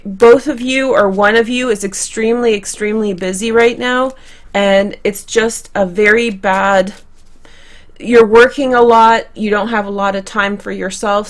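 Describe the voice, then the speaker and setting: A young woman reading tarot cards for her viewers in a chatty, conversational way, often restarting and correcting herself. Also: mid-range voice. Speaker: tarot reader. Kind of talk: tarot card reading to camera.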